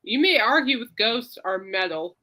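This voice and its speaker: A woman's voice: on the high side, expressive, normal speed, bright, forceful tone, rough recording. A woman hosting a casual podcast, chatty and reassuring, rambling between topics. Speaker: podcast host. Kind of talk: casual chat.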